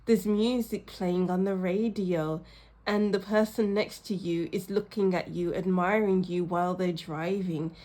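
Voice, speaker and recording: Giggly woman giving an excited tarot reading. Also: fairly low pitch, a little slow. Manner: giggly, exclamatory, frequent bursts of laughter. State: a little ill and tired. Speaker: tarot reader. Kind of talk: intuitive tarot reading to camera.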